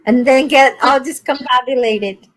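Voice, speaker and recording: A woman with a Brazilian accent touched by Colorado English, chatting on a video call, animated and often searching for words. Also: sits high, unhurried. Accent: Brazilian Portuguese with a Colorado touch. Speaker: livestream guest. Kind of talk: casual chat.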